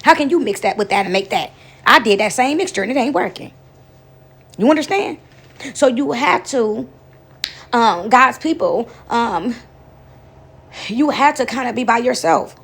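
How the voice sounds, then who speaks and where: Female speaker, informal street-style preaching, husky and fairly high. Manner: rambling, repeats "you understand me?". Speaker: spiritual speaker.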